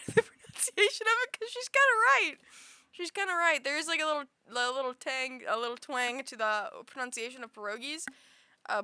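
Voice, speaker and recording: A woman's voice: on the high side, pushed and bright, clean tone, dry recording. A woman livestreaming, chatting casually with viewers in a rambling, giggly way full of fillers. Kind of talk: casual chat with stream viewers.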